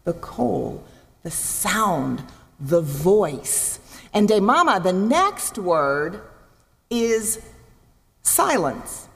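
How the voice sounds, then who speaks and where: A woman preaching a sermon in a church, expressive, acting out voices and asking her listeners questions. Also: mid-range voice, drawn-out words, vocal fry, pauses often. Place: church sanctuary. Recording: long reverb in a large hall.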